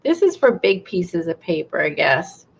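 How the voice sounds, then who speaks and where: Woman, chatty crafter, gravelly fry, dull lo-fi recording. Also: fairly low pitch, very animated, a little slow. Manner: chatty, gushing, thinks aloud. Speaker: craft video host. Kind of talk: casual crafting chat. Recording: dull lo-fi sound.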